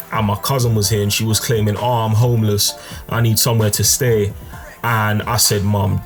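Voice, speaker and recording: A young man with a fairly low voice tells a personal story in a loose, slangy, emphatic manner. He talks like a gaming channel host speaking straight to his viewers. Faint background music plays under him. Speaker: gaming YouTuber telling a story. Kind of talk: casual storytime over gameplay.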